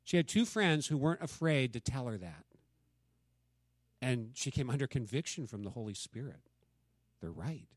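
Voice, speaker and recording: A man's voice: medium pitch, expressive, moderate pace, no echo. A man leading a Bible study in a casual, conversational way, quizzing his listeners and acting out the quotes he reads. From United States. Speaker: church teacher.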